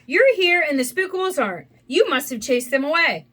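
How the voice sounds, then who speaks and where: A woman voicing a gentle, simple-minded male teddy bear who speaks slowly and kindly. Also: sits high, big pitch swings. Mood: warm.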